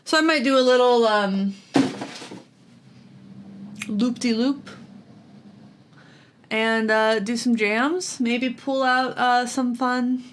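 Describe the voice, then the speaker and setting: A woman's voice: fairly high pitch, fairly even intonation, slow, pauses often, a little hiss or hum. A woman vlogging casually about guitar gear at home, chatty and self-deprecating, with lots of fillers and giggles. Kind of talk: casual chat while practicing.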